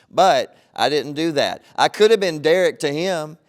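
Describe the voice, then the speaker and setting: A man's voice: on the high side, animated, measured pace. A man, a pastor, preaching a sermon in a conversational, storytelling way.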